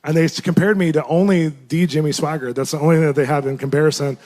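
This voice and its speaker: Animated man telling a story, slightly high voice. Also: quick pace. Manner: lively, laughs often, voice jumps up for quoted reactions. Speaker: Christian minister sharing a testimony.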